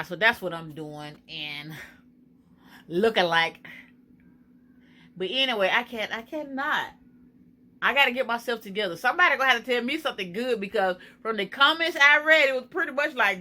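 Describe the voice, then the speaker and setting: A woman from Florida vlogs casually from her home kitchen, talking to her viewers anxiously and emotionally and calling them "girl" and "y'all." Her voice is medium-pitched and bright, with a forceful tone.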